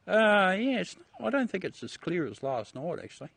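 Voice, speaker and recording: A man's voice: sits high, big pitch swings, a little slow, gravelly, fairly bright tone, no room sound. A middle-aged Australian man casually chatting with viewers on a livestream, joking, swearing and laughing often as he shows the moon through a telescope. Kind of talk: casual live chat with viewers.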